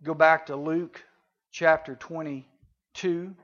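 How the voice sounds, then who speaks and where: A youth preacher talks to a room of junior high kids in a conversational way, rising loud and dropping to a hush. His voice sits high for a man. The recording is dull and lo-fi. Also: little pitch movement, slow. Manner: conversational, swings between loud and hushed. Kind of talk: sermon to junior high students.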